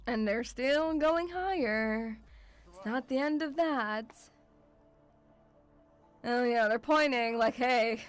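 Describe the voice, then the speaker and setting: Female streamer, high-pitched, foul-mouthed and easily spooked, calls chat "sweetie", light music bed. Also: drawn-out words, long pauses, smooth. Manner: swears a lot, shrieks and laughs in fright. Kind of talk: casual reaction commentary.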